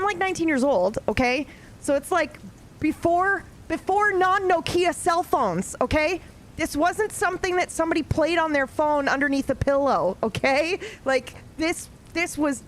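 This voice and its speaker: A woman in her thirties telling a story from her own life in a casual, animated way, swearing freely. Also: high-pitched, moderate pace, slight background noise. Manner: animated, swears freely, grows more excited. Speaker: streamer.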